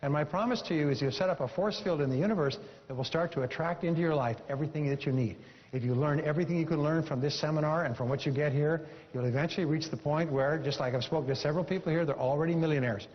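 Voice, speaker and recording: A man's voice: on the high side, fast. A man giving a live motivational seminar speech to an audience, emphatic and repeating lines for effect, telling a story with animation. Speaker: motivational speaker. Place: seminar hall before an audience. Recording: echoey hall, dull lo-fi sound.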